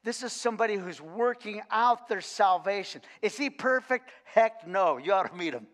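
A man, a coach, giving a sermon in a church and telling a lively, funny story with frequent restarts. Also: sits high, moderate pace. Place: church sanctuary. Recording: long church reverb.

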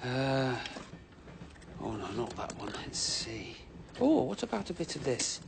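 A cheerful, eager-to-please station helper, chattering to himself as he potters about. His voice leaps around with lively, sing-song ups and downs. He stays very polite and scripted, in the manner of children's television. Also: mid-range voice, measured pace, vocal fry, background noise. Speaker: children's show presenter.

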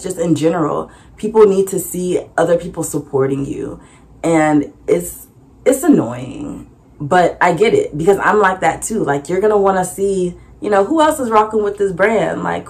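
Young woman, casual vlog storytelling, animated, acts out dialogue, laughs often. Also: sits low, vocal fry. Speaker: vlogger and small business owner.

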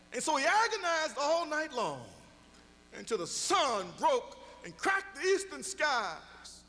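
A man's voice: extremely high pitch, bright, forceful tone, in a large hall. A middle-aged man preaching a sermon as pastor, telling stories and building to emphatic exhortation.

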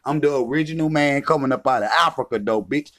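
A man's voice: medium pitch, quick pace, a bit bright. A man delivering a heated, profane, taunting rant as a vlogger. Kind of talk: confrontational rant.

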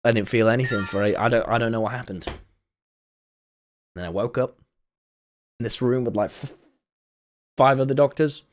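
A man's voice: mid-range voice, moderate pace, long pauses. A man casually telling a story, rambling and breaking off with laughter. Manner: rambling, self-interrupting, laughing. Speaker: streamer.

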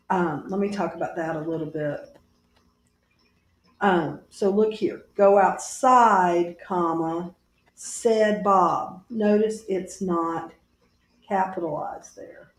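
A woman teacher giving a recorded grammar lesson to her class, patient and deliberate, spelling out each punctuation mark aloud. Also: lowish voice, darkish tone, echoey room.

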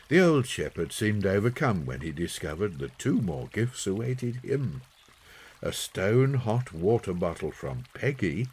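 A man reading a children's story aloud in an expressive, unhurried way. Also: low voice, slightly rough. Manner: slow, lively expressive reading. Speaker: audiobook narrator. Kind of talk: storybook narration.

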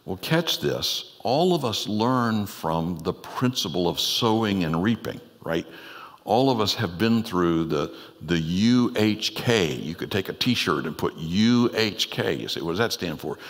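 Low-voiced guy preaching a sermon, chatty and earnest, echo of a big church hall. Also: lively intonation, unhurried. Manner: earnest, conversational preaching with rhetorical questions. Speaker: pastor. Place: church sanctuary. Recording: long church hall reverb.

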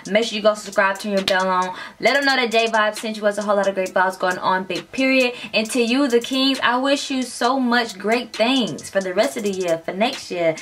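A woman's voice: medium pitch, a little fast, few pauses, a bit bright, a little hiss or hum. A woman hosting a music reaction video, talking in a flirty, playful and crude way, sometimes dropping to a whisper. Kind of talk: casual reaction commentary.

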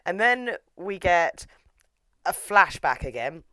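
A woman recapping a show in a chatty, sarcastic and animated way. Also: low voice, normal speed, no echo. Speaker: reviewer. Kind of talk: casual recap commentary.

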